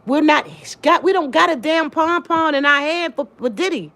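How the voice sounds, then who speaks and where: A woman's voice: high voice, moderate pace, a bit bright. A woman hosting a casual livestream, talking emphatically to her viewers by name and repeating her points. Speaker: livestream host. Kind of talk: casual livestream chat reading comments.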